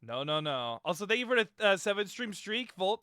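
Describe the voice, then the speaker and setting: A man's voice: high voice, very animated, brisk. A man streaming live, casually reacting and joking, rambling and self-mocking.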